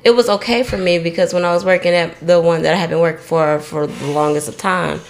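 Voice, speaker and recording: A woman's voice: on the low side, fairly even intonation, fast, reverberant. A woman co-hosting a podcast in casual chat, earnest and venting at length. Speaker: podcast co-host.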